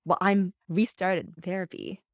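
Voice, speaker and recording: A woman's voice: on the low side, lively intonation, measured pace, no echo, studio quality. A woman co-hosting a podcast in casual chat, blunt and frank, swearing and using lots of fillers. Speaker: podcast co-host.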